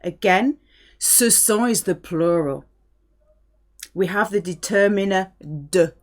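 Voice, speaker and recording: A middle-aged woman from France giving a language lesson, patiently explaining and modelling phrases clearly. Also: medium pitch, takes it slowly. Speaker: French teacher.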